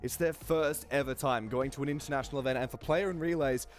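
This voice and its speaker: A man co-hosts a live esports desk in a middle-pitched voice. He sounds chatty and a little under the weather. Soft music sits in the background. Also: fast. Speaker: esports broadcast co-host.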